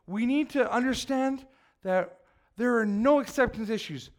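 A man's voice: very high-pitched, unhurried. A man preaching a sermon as pastor to his church, earnest and emphatic, prompting the congregation to repeat after him.

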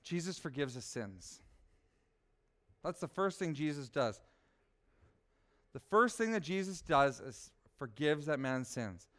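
A man preaching a sermon as pastor, asking his listeners rhetorical questions and swinging from soft to loud. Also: fairly high pitch, big pitch swings, unhurried, long pauses.

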